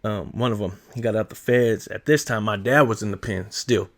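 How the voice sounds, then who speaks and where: A man vlogging in casual, slangy storytelling, animated and laughing often as he talks. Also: lowish voice, normal speed.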